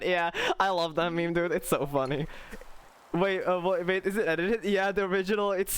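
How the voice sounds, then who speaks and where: A young male streamer whose voice sits a little higher than most men's. He talks to his chat in a loose, playful way, bouncing between teasing and mock outrage and breaking into laughter often. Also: smooth. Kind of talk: casual live-stream chat.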